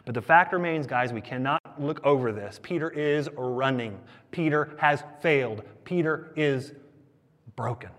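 A man preaching a sermon, animated and conversational, with joking asides to the congregation. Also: medium pitch, a little slow. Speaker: pastor. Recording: long hall reverb.

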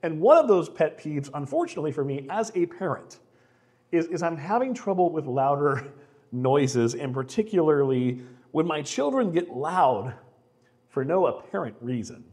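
Middle-aged male pastor, fairly high voice, chatty, self-deprecating sermon delivery. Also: big pitch swings, moderate pace, darkish tone, husky. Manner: conversational, self-deprecating, repeats words when starting sentences.

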